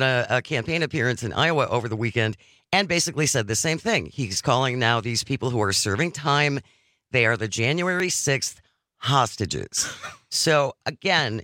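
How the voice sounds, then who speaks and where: A man's voice: on the high side, sharp tone, no room sound. A man hosting a radio talk show, speaking conversationally and earnestly, laying out his points one by one in a studio. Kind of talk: casual political talk.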